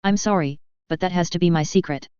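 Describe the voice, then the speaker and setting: A woman voicing an earnest young man from modern times, speaking in a measured, pleading way as she reads a fantasy story aloud. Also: lowish voice, a little mellow, clear, resonant tone, no echo, natural voice. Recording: slightly dull lo-fi dry.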